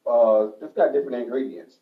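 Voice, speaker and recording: A man's voice: mid-range voice, steady tone, fairly quick, distant mic. A man co-hosting a casual radio chat, easygoing and matter-of-fact. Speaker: radio co-host. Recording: dull, roomy, off-mic.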